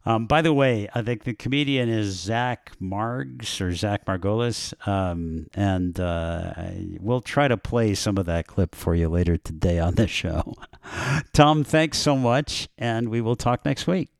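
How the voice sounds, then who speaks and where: A man hosting a radio talk show, chatting with a guest and reading short segments, emphatic and slowing down on key words. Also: fairly low pitch, gravelly, no echo, clean studio sound.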